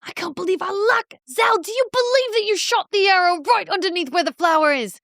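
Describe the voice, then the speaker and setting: High-voiced woman player, upbeat. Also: fairly quick, a bit bright, dry recording, studio quality. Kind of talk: casual tabletop chat.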